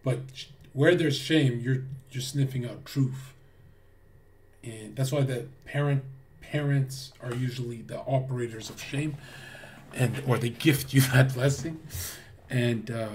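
A man's voice: medium pitch, a little slow, a little mellow, distant mic, slight background noise. Guy ranting to his chat on stream, profane and preachy, normal mid voice. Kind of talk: livestream rant to chat.

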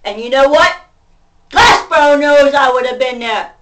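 A woman venting to camera in a profane rant, going from shouting to muttering. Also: high-pitched, animated, normal speed. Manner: profane, ranting, swings between shouting and muttering. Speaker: vlogger. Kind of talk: angry venting monologue. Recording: voice distant from the mic.

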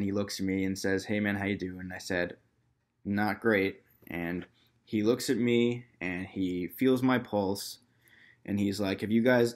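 Young dude with a really low voice rambling through a story, lots of likes and ums. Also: male voice. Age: young adult. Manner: loose and rambling, heavy on fillers and quoted dialogue. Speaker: vlogger. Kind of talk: casual storytelling to camera.

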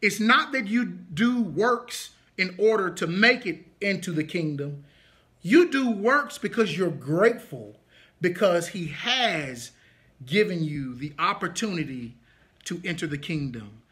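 A man's voice: high-pitched, lively intonation, unhurried, pushed and bright. A man teaching an interactive Bible study, leaning hard on key points and stretching words for emphasis. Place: congregation meeting room.

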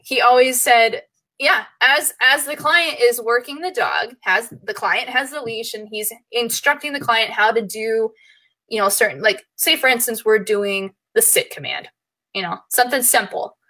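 Guest: bright, fairly high female voice, lively dog trainer, quick laughs. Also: low-quality recording. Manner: animated, laughs often, acts out clients' voices. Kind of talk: casual chat.

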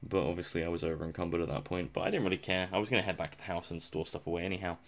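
Low-voiced man rambling over gameplay. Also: fairly even intonation, racing. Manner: rambling, self-mocking, chuckles often. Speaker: gameplay commentator. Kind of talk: casual post-recorded game commentary.

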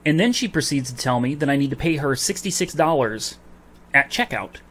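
Man, heated consumer rant, swearing, mid-pitched voice, retells the argument. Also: lively intonation, a little fast, a bit bright. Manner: heated, swears, recounts dialogue. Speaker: vlogger. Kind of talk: angry customer rant to camera.

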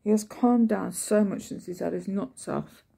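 Chatting casually to camera at home while petting her cats, a woman vlogger speaks at a moderate pace in a medium-pitched, creaky, mellow, husky voice. Between stories about waiting on workmen, she coos baby talk to her cat.

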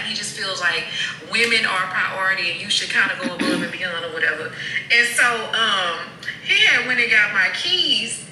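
A woman telling a story to friends, lively and laughing as she tells it. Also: medium pitch. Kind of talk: animated storytelling. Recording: echoey room, mic far off, noisy.

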